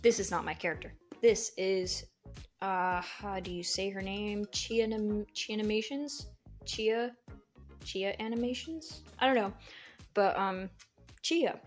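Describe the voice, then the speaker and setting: Young woman, casual art vlogger, giggly and rambling, mid-pitch, faint background music. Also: slow. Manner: chatty and giggly, rambling with many fillers. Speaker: artist vlogger. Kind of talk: casual sketchbook tour narration.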